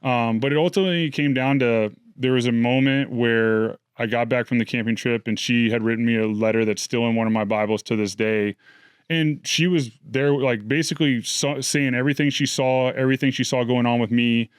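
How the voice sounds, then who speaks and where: A man's voice: mid-range voice, fairly even intonation, a little fast, clean tone, dry recording, clean studio sound. A man in his thirties, an interview guest, telling his story in an earnest, reflective way. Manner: earnest, reflective, emotional retelling. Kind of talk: candid storytelling.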